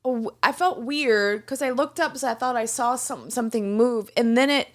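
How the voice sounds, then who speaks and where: A woman with a slightly high voice chats casually on a podcast. She is an animated storyteller who keeps restarting her sentences and laughing at her own tale. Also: normal speed. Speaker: podcast co-host. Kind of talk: casual chat.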